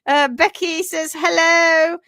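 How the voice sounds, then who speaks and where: A woman's voice: very high voice, fairly even intonation, takes it slowly, bright, forceful tone, no room sound, clean studio sound. A middle-aged woman hosting a casual livestream on hoof care, chatting and greeting viewers.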